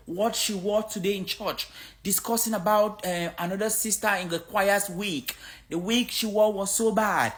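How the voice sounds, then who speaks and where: Casting: outspoken African-born woman creator, lively pitch, speaks bluntly to camera. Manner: blunt, outspoken, animated storytelling. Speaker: social media creator. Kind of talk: casual opinion monologue to camera.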